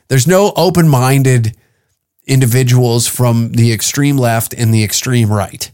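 A man, a stand-up comic, rants casually on his podcast. His talk is profane and rambling, full of restarts, and he acts out quoted exchanges with other people. His pitch sits in the middle range. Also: measured pace, darkish tone. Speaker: podcast host and stand-up comedian.

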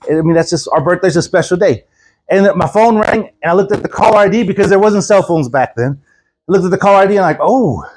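His voice sits high with a breathy edge as he preaches a sermon built around a story. He brings it to life by acting out each voice, sharing frequent laughter with the congregation.

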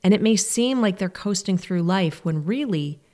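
A woman's voice: mid-range voice, lively intonation, moderate pace, warm tone. A woman hosting a podcast, speaking in an earnest, reflective and encouraging way in a scripted monologue. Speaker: podcast host.

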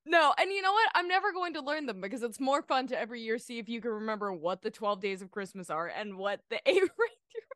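A woman's voice: a little high, animated, fast, few pauses, a bit bright, no room sound, clean studio sound. A woman co-hosting a podcast in casual chat, telling wry stories and teasing her co-host.

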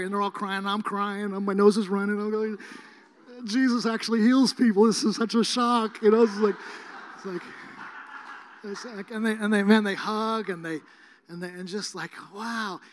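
A man with a high voice preaches a sermon, telling his stories in a loose, rambling way full of fillers and restarts. He gets emphatic at times and pushes his voice close to a shout. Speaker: guest preacher.

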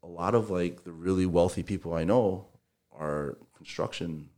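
A man's voice: deep voice, normal speed. A man, a contractor, talking casually as a podcast guest, rambling with lots of filler phrases. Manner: relaxed, rambling, heavy use of filler phrases.

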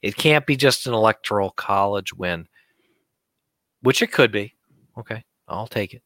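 Blunt, heated male co-host, forceful tone, lowish voice, dry studio sound. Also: normal speed, no room sound. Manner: blunt, fired-up ranting. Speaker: talk show co-host. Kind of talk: heated political chat.

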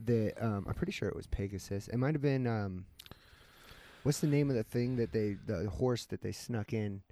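A man's voice: fairly low pitch, moderate pace, warm tone. A man explaining something in casual chat as a podcast co-host, rambling, with frequent joking asides.

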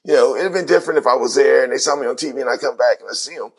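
A man's voice: mid-range voice, racing, breathy edge. A middle-aged man, a former basketball player, telling his story in an interview, acting out the voices of people he quotes.

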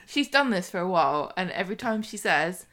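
A woman's voice: on the low side, lively intonation, a little fast, a bit bright. Dry, teasing woman. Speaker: podcast co-host. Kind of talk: casual chat.

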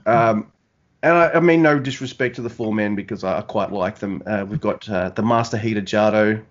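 A man's voice: on the low side, normal speed. Brief: easygoing male co-host, rambling casual chat, slightly dull audio. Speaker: podcast co-host.

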